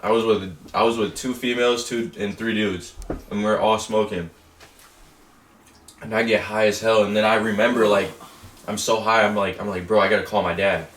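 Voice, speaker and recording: A young man with a low voice rambles through an animated story. The room echoes around him. The mic sits some distance away. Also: normal speed, slight background noise. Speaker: co-host. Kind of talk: casual storytelling chat. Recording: roomy echo, mic at a distance.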